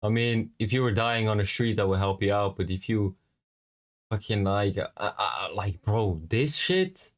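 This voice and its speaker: A man reacting to a clip, talking bluntly and scornfully, swearing and pausing on fillers. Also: on the low side, fairly even intonation. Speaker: reaction video host. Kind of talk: profane reaction commentary.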